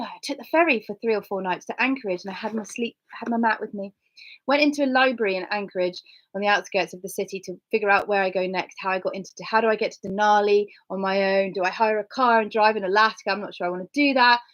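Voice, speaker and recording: A middle-aged woman from Cornwall, chatting casually about her hiking gear and telling lively stories. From Cornwall, England. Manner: chatty and animated, acts out dialogue in a higher voice. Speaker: hiker and vlogger. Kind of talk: casual gear talk with storytelling. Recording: slightly dull lo-fi sound.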